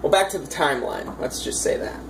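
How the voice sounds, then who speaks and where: A woman's voice: low voice, expressive, fairly quick, noisy background. A woman dungeon master casually recounting her tabletop campaign in a chatty, rambling way with lots of fillers.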